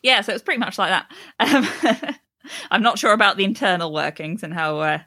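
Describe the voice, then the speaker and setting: A woman's voice: medium pitch, moderate pace, pushed and bright. A woman co-hosting a podcast, chatting casually, laughing often and swearing freely. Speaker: podcast co-host. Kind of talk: casual chat.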